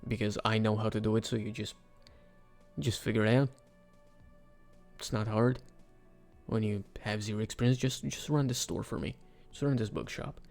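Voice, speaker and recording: A man voicing a condescending wealthy husband who talks down to his wife in a brisk, dismissive way. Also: on the low side, fairly even intonation, gravelly, darkish tone, faint music behind. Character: condescending wealthy middle-aged husband lecturing.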